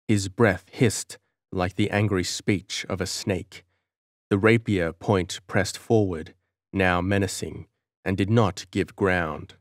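Slow, low-voiced male audiobook narrator. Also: dry recording, clean studio sound. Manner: measured, dramatic storytelling.

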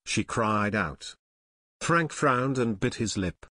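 A man narrating an unabridged audiobook in a steady storytelling manner. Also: mid-range voice, slow, no room sound, studio quality. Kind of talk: scripted narration.

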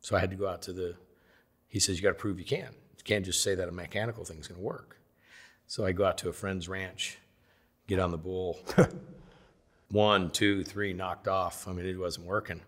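A middle-aged man telling lively stories in a sit-down interview, acting out the voices of the people in them. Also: low voice, moderate pace. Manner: animated storyteller, acts out voices of others. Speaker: interview guest.

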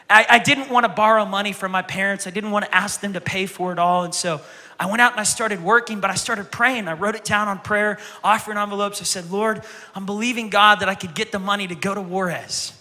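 A man, preaching a sermon as a pastor, telling stories in an animated way and acting out voices. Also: high voice, a little fast, in a large hall. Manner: animated storytelling, acting out childhood voices loudly.

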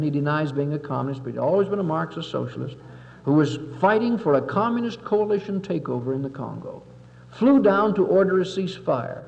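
Brief: male speaker with a somewhat high voice, orating with emphasis in an old, dull-sounding 1961 recording with long hall echo. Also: gravelly, darkish tone. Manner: emphatic, oratorical, acts out quotes. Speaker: political lecturer. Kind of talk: impassioned public speech.

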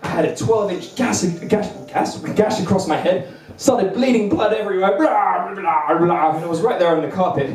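A man's voice: high-pitched, normal speed, few pauses, a little mellow. A young man doing a bumbling, self-deprecating stand-up set on a comedy club stage, chuckling between lines. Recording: roomy venue, mic at a distance.

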